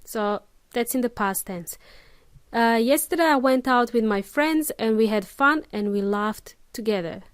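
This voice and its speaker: A woman's voice: on the high side, measured pace, smooth, no room sound. A woman hosting a podcast English lesson, explaining pronunciation patiently and checking in with her listeners often. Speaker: English teacher, podcast host. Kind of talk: casual spoken lesson.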